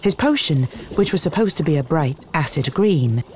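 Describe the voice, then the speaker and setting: Low-voiced woman narrating a story. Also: animated, moderate pace, darkish tone, slight background noise. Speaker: audiobook narrator.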